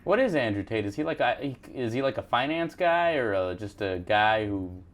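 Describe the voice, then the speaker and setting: A man's voice: mid-range voice, animated, moderate pace. Playful talk show host, man. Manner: rambling, playful, full of fillers. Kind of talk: casual joking chat.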